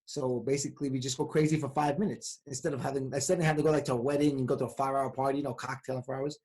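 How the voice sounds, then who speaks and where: A man's voice: mid-range voice, level tone, darkish tone, breathy edge. A man guesting on a podcast over a video call, upbeat and jokey in casual chat. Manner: upbeat, jokey, talks in quick bursts.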